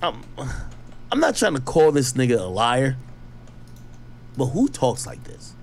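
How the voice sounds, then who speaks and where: A man's voice: mid-range voice, wildly swooping pitch, measured pace, a little mellow, a little hiss or hum. Skeptical man reading news aloud. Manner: chatty, skeptical, slangy asides. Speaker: online commentator.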